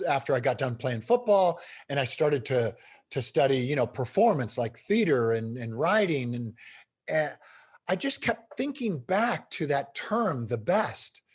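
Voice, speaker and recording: Husky, animated middle-aged man telling stories. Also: on the high side. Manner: animated, emphatic storyteller. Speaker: guest speaker. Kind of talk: storytelling in a podcast interview.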